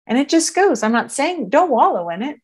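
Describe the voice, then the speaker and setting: A woman podcast guest in conversational teaching mode, reflective and gentle, who often voices imagined inner thoughts and checks in with "right?". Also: sits high, very animated, brisk.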